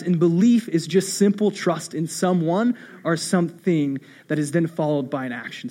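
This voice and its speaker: A young adult man preaching a sermon to his congregation. He talks conversationally, repeats key phrases and tells stories with self-deprecating humor. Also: fairly high pitch. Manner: animated storytelling, repeating phrases. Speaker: pastor.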